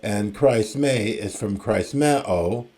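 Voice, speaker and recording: A man lecturing on ancient Greek grammar, reading verse aloud in a measured way and explaining it with casual asides. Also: on the low side, darkish tone. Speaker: classics lecturer.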